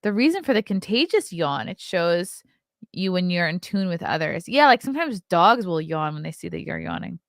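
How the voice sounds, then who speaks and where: A woman in her thirties chats casually as host of her own livestream, reading bits aloud and reacting as she goes. Her voice has a gravelly fry in it. The sound is dry and close, with no room around it. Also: fairly low pitch, sing-song, normal speed, no room sound. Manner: chatty, reads aloud and reacts, yawning. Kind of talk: casual solo livestream chat.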